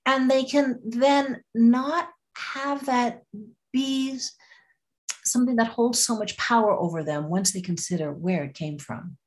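Lively woman guest telling stories. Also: fairly high pitch, unhurried. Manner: lively, acts out voices, frequent restarts. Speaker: storyteller guest. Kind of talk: podcast interview, telling a fable.

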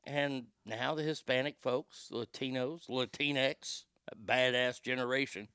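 A man's voice: medium pitch, normal speed, pushed and bright, clean tone, no echo, clean studio sound. A man hosting a show, giving a brash, profane, rambling opinion monologue.

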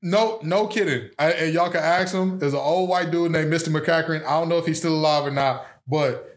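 Casting note: man, podcast host, high-pitched, animated comic banter. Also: brisk. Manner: animated, joking, exaggerated storytelling. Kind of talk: casual sports podcast banter.

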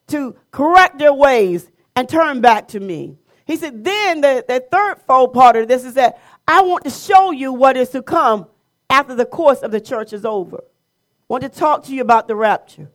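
A woman's voice: high-pitched, lively intonation, normal speed, a bit bright. A woman leading a Bible study, building to emphatic, repeated phrases. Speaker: Bible teacher.

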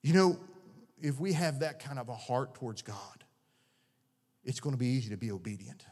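A man's voice: mid-range voice, normal speed, darkish tone, breathy edge. Middle-aged male pastor, earnest and conversational, in a big echoing church. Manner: earnest, conversational preaching with many restarts. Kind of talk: sermon. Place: church sanctuary. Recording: long reverb of a large hall.

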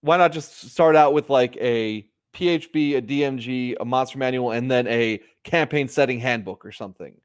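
A man co-hosting a podcast, rambling in relaxed casual chat and often restarting his sentences. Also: medium pitch, normal speed, few pauses, clean tone. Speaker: podcast co-host.

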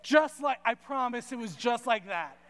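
A young man preaching to a youth audience, telling a story in a lively, conversational way and often checking in with "right?". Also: very high voice, moderate pace. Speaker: youth pastor. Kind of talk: sermon with storytelling. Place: large hall with audience. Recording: reverberant hall.

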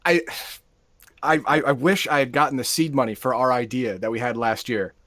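A man's voice: medium pitch, steady tone, a little fast, fairly bright tone, no echo. A man co-hosting a casual stream, often stalling and restarting his sentences. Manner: hesitant, stammering restarts. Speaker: podcast co-host. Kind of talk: casual chat.

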